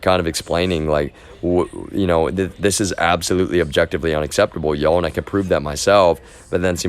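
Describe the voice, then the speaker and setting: Very deep-voiced man rambling insistently. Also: clean tone. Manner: rambling, with many restarts and repeated phrases; insistent, keeps stressing his point. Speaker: livestreamer. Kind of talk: casual unscripted monologue.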